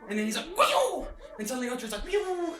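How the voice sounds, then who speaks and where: A hyper young man retelling a movie in a casual, excited way, laughing and making sound effects, filmed on his sister's phone. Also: very high voice, racing, noisy background. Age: young adult. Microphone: phone held by his sister. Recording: roomy and far from the phone, with music.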